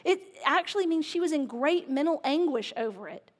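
A woman's voice: high voice, lively intonation, fairly quick. A woman pastor giving a sermon, candid and self-mocking in her delivery. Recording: echoey hall with long reverb.

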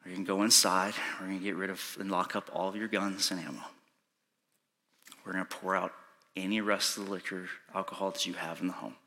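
A man preaching a sermon, telling a personal story with urgency, sometimes hushed and sometimes pleading. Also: sits low, steady tone, fairly quick. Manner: urgent pleading, rising to shouting in reenacted moments; soft and hushed when recounting prayer. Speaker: pastor.

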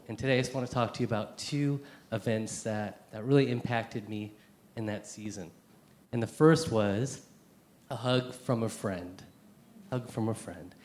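A young man giving a personal testimony to a church group, halting, with many fillers and restarts. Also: mid-range voice. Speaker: church speaker sharing testimony. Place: Seattle area.

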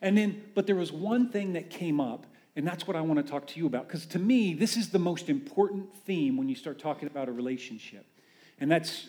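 A man preaching a conversational sermon as a pastor, animated and full of rhetorical questions. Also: on the high side.

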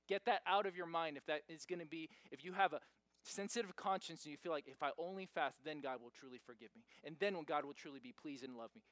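Preaching fast in a voice a little on the high side, the pastor keeps a conversational tone but pushes hard on his main points, rising to loud stresses. No room sound can be heard.

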